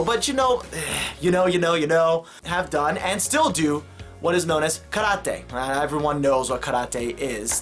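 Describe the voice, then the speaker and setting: A man's voice: a little high, a bit bright. A young man from Chicago talking to camera in a casual vlog, jokey and rambling, with many fillers and self-mocking asides. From Chicago, United States. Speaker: vlogger.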